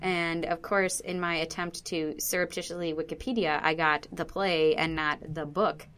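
Bright-voiced chatty woman podcaster. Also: deep voice, steady tone, moderate pace. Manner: chatty, rambling with many fillers and restarts. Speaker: podcast co-host. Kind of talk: casual chat.

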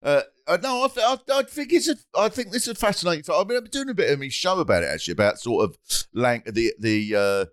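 A man's voice: fairly high pitch, big pitch swings, fast, no room sound, clean studio sound. A middle-aged man from Britain hosting a comedy podcast, rambling and sweary in a chatty way. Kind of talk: casual chat.

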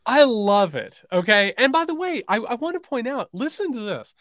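Animated, sarcastic man co-hosting a podcast. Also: very high voice, moderate pace, no echo, clean studio sound. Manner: sarcastic, reads quotes aloud with mocking emphasis. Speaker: podcast co-host. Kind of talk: political commentary podcast.

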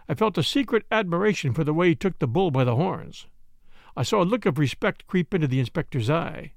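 A man's voice: a little high, expressive, gravelly, dry recording, clean studio sound. Man narrating a classic mystery. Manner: measured storytelling. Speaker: audiobook narrator. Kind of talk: scripted narration.

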